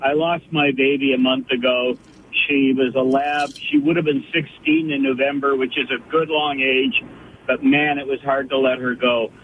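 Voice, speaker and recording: A man's voice: mid-range voice, flat delivery, normal speed. A man calling in to a radio show, telling a story about himself in a reflective way. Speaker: caller. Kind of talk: phone-in call. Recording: tinny phone line with faint noise.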